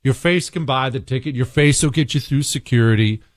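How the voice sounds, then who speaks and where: A man hosting a talk radio show, speaking bluntly and sarcastically, swinging between low mutters and loud outbursts. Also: brisk, no room sound, studio quality. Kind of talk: opinionated talk radio monologue.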